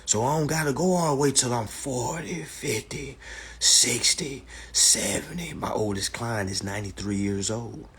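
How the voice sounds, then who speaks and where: A man's voice: mid-range voice, normal speed, a bit bright, slight background noise. A man hosting a casual livestream, lecturing bluntly with lots of swearing and frequent "all right" checks. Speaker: livestream host. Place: indoors, livestream.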